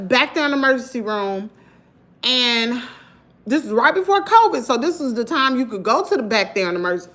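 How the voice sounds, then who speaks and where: A Southern-accented woman in her thirties tells her viewers a story in a lively, emphatic way. Her voice sits high and sounds bright. She keeps turning to the audience with casual asides. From Mississippi. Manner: animated, emphatic, addresses viewers as y'all. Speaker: vlogger.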